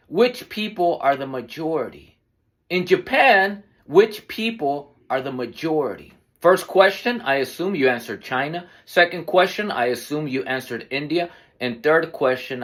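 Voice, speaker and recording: A man's voice: sits high, a bit bright. A man hosting his own podcast, delivering an argumentative commentary monologue full of rhetorical questions. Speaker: podcast host.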